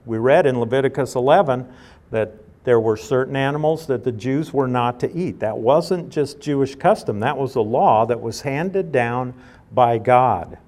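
A man's voice: mid-range voice, normal speed, darkish tone. A man teaching a Bible study, reading scripture aloud and then explaining it in a conversational way.

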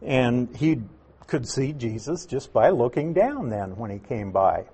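A man's voice: medium pitch, big pitch swings, unhurried, mellow, breathy edge. A man preaching a conversational expository sermon, explaining Greek words with asides to the listeners. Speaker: pastor.

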